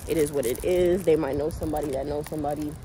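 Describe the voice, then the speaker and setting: A woman's voice: sits low, steady tone, fast, dark tone, slight background noise. A woman who runs a small business, chatting casually to her viewers as she vlogs outdoors and from her car on a handheld phone. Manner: chatty, talks straight to viewers. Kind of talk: casual vlog narration.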